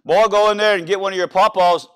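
A man's voice: high voice, fairly even intonation, quick pace, fairly bright tone, clean tone, pitched above the performer's own voice. A man doing a bossy old Louisiana grandma. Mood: instructing. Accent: North Louisiana. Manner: firm, instructing.

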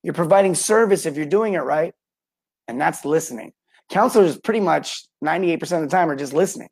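A man in middle age runs a live coaching stream for tradespeople, his voice sitting high for a man. He talks with lots of energy, greets viewers by name and slips into quick acted-out customer lines to make his point. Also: vocal fry, darkish tone. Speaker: podcast host and plumbing sales coach.

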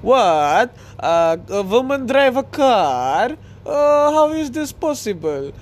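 A man's voice: very high voice, big pitch swings, voice pushed up, full character voice. Borat, as a man puts him on. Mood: incredulous. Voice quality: exaggerated mock foreign accent. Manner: incredulous, drawn-out questions. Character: naive foreign male TV reporter, shocked.

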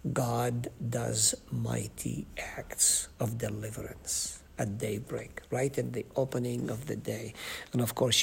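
A man leading a Bible study group, teaching slowly with many ums and asking the group questions. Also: mid-range voice, gravelly, a little hiss or hum.

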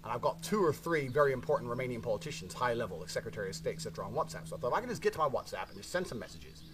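A man's voice: medium pitch, sing-song, very fast, noisy background. A man telling a story in a casual monologue, brash and swearing constantly.

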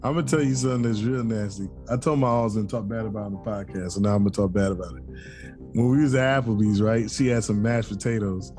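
A man's voice: lowish voice, fast, faint music behind. A man in his thirties, a podcast co-host, telling stories in a casual chat and laughing often. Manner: animated, laughs often, storytelling.

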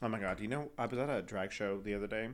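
A man's voice: lowish voice, fast. A man co-hosting a podcast, chatting casually, with lots of giggles, fillers and rambling asides. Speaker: podcast co-host. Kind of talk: casual chat.

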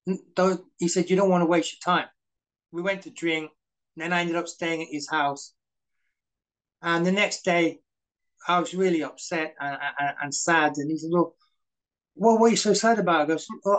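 A man's voice: a little high, fairly even intonation, normal speed, fairly bright tone, smooth, poor audio. A middle-aged man, a guest in a casual interview, telling anecdotes full of quoted dialogue and fillers. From Britain. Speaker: guest, former stuntman.

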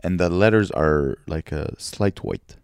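A man with a somewhat low voice co-hosts a comedy podcast, throwing out crude jokes and quick comebacks. The sound is dry and close to the mic. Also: clean tone, dry recording. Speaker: podcast co-host. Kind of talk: casual comedy podcast chat.

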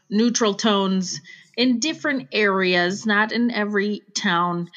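A woman's voice: mid-range voice, a bit bright. A middle-aged woman with a Chicago accent, chatting casually about home design with frequent restarts. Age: Generation X. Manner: chatty, self-interrupting, laughs easily. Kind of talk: casual chat. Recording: dull lo-fi recording.

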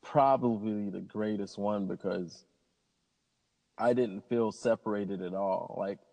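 Guy, a pilot, chatting upbeat and rambly, lowish voice, lots of hall echo. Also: slow, creaky, mellow. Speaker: pilot and interview guest. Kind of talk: casual interview conversation. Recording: long hall reverb.

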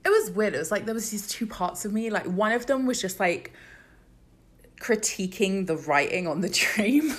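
Animated young woman with a lively, swooping voice. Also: normal speed, slight background noise. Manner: animated and swearing freely; acts out quoted voices with big pitch jumps. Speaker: vlogger. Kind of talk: casual storytelling to camera.

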